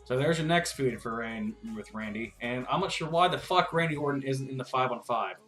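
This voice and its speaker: A man's voice: medium pitch, brisk, fairly bright tone, soft background music. A man giving a casual, profane, rambling recap rant as a wrestling vlogger, with frustrated asides.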